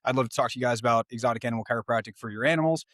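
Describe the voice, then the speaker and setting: A man's voice: mid-range voice, very fast, no echo, clean studio sound. Chatty man telling stories. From Oklahoma, US. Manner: animated, self-interrupting, laughs through stories. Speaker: animal chiropractor guest. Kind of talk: casual storytelling interview.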